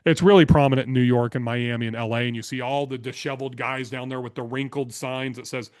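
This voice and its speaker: A man speaking as a podcast guest, spinning business anecdotes in a blunt, energetic, casual way with plenty of swearing. His voice sits at a middle pitch for a man. The sound is dry, with no room echo. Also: fast talker. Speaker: podcast guest, real estate investor. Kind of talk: casual interview storytelling.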